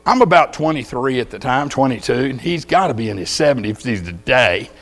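A man's voice: medium pitch, expressive, fairly quick, fairly bright tone. A man with a Texan accent preaching a sermon in church, telling folksy stories and firing rhetorical questions at the congregation.

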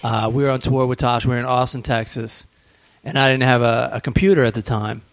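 Guy on a podcast telling a road story, laughs a lot, does the voices, mid-pitched regular voice. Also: fairly quick. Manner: animated, laughing, acts out voices in stories. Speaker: podcast host. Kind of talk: casual storytelling chat.

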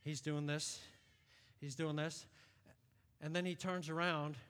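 A middle-aged man with a drawl preaches with a bright, ringing tone, climbing into shouted high-pitched peaks. His voice carries a long reverb that fills a church sanctuary. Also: expressive, measured pace. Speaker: pastor. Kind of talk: sermon.

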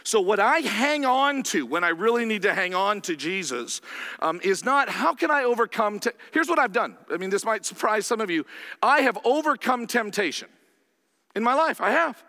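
High-voiced man preaching in a hall. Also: big pitch swings, normal speed, sharp tone. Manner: conversational, checks in with rhetorical questions. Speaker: pastor. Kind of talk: sermon.

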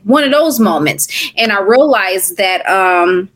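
A middle-aged woman minister talks through her testimony in an earnest, preaching way. She stumbles and restarts words often, and her voice sits at an ordinary middle pitch for a woman. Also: animated, slow pace, few pauses, a bit bright. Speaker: minister and podcast guest. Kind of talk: conversational testimony.

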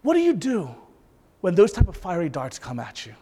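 A man preaching a sermon as a pastor, impassioned, swinging between intense peaks and soft, hushed asides. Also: high-pitched, huge pitch swings, normal speed, breathy edge. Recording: long reverb of a large hall.

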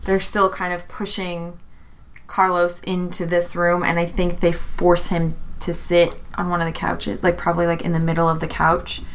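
A woman's voice: fairly low pitch, completely flat delivery, normal speed. A woman playing a tabletop role-playing game, describing her character's actions with a lot of hedging. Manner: thoughtful, hedging with "I think". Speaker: player.

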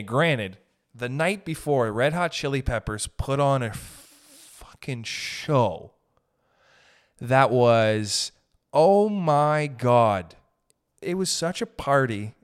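A young man ranting in a profane, animated way during casual podcast chat. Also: fairly high pitch. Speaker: podcast host.

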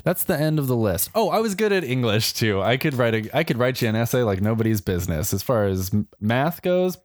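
A man's voice: mid-range voice, sing-song, fairly quick, dry recording, clean studio sound. A young adult man co-hosting a podcast, telling history in a casual, joking way and putting on playful voices. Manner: jokey storyteller, playful voices. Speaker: podcast co-host. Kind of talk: casual comedic chat.

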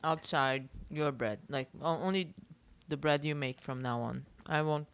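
A woman's voice: deep voice, unhurried, a little hiss or hum. Playful woman, native Portuguese speaker. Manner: playful, giggly, admiring. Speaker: podcast co-host. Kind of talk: casual chat.

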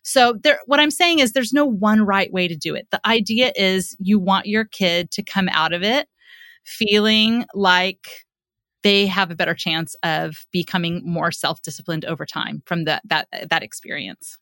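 A middle-aged woman talking as a podcast guest, in a voice of ordinary pitch. She explains at length and slips into short acted-out dialogues. The sound is close and dry. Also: moderate pace, no room sound. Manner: warm, animated explanations acting out parent-child dialogue. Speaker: guest psychotherapist. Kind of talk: podcast interview.

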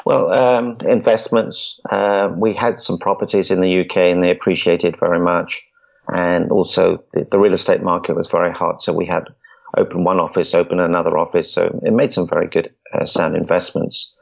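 A man's voice: deep voice, creaky. A man, a podcast guest, telling his story in an earnest way and often repeating words as he starts a sentence. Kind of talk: storytelling interview. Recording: dull lo-fi audio.

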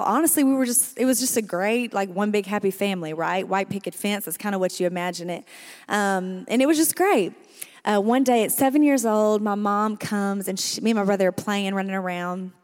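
A woman's voice: mid-range voice, a little fast. Emphatic Southern woman giving testimony. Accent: Southern US (Arkansas). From Arkansas, USA. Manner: warm, emphatic, talks to the crowd as y'all. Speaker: guest speaker sharing testimony. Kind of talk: church testimony and prayer.

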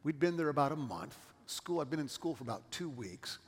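Husky-voiced pastor preaching in a church hall. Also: male voice, fairly high pitch, lively intonation, brisk. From California. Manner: storytelling, with asides to the congregation. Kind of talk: sermon.

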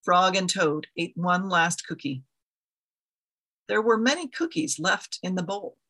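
A woman reads a children's story to her congregation. She tells it in a gentle way. Her voice is bright and noticeably husky. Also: on the low side, sing-song, unhurried. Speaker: interim leader of an ethical society. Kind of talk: reading a children's story aloud.

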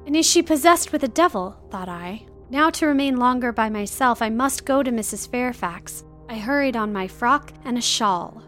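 A woman narrating a first-person novel as an audiobook, in a measured, dramatic storytelling manner. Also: fairly high pitch.

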